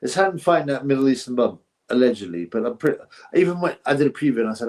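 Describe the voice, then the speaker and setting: A man's voice: mid-range voice, expressive, racing, darkish tone. Male stream host, casual and rambling, chats loosely with viewers between donations. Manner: rambling and chatty, thinks aloud with fillers; reads out donations and thanks viewers. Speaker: boxing livestream host. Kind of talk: casual livestream chat.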